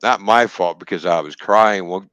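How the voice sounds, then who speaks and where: A deep-voiced trucker swears his way through a story on a stream, speaking at normal speed. He laughs and gives an animated retelling with quoted dialogue. The stream audio is dull, lo-fi and dry.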